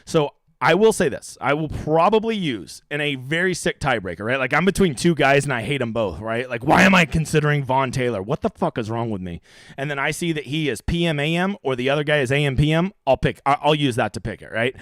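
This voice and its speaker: A man's voice: mid-range voice, lively intonation, brisk, fairly bright tone, no echo, clean studio sound. A brash young man hosting a profane, rambling live stream about fantasy golf strategy.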